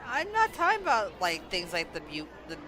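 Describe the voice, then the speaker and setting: A man's voice: sits high, wildly swooping pitch, brisk, sharp tone, some chatter behind. A man chatting casually on a stream, rambling and easygoing, swearing now and then.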